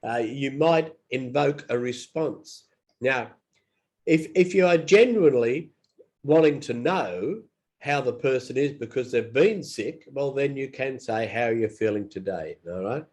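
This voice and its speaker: In a casual English lesson, a man who isn't feeling well teaches phrases, saying each one aloud more than once. His voice sits in the mid range, animated and a little mellow, and he moves slowly and repetitively as he models each phrase.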